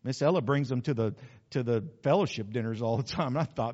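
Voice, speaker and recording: A man preaching a folksy, animated sermon and asking the congregation questions, in a church hall, with a dull sound. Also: mid-range voice, fairly quick.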